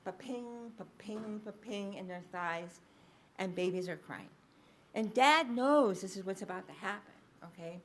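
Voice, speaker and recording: A woman giving a public lecture as a researcher, explaining findings in a lively storytelling way, with frequent ums and uhs. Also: mid-range voice, a little slow. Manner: lively anecdotal storytelling, acting out quoted speech.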